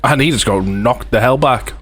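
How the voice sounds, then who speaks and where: A man's voice: mid-range voice, normal speed, fairly bright tone, soft background music. A man hosting a let's play, giving casual, self-deprecating asides about the game. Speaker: gaming channel host.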